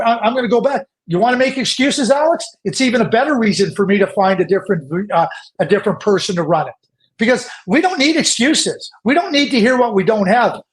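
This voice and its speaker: A man from Canada giving emphatic, opinionated hockey analysis as a podcast guest, often repeating words as he presses a point. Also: high-pitched. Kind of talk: animated opinionated podcast talk.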